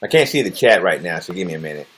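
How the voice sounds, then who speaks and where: A man livestreaming in casual chat, cursing freely and laughing at his own jokes. His voice sits low but moves widely in pitch. He rambles from one topic to the next. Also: expressive, racing, a bit bright, a little hiss or hum. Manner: profane, rambling and jokey, laughs often.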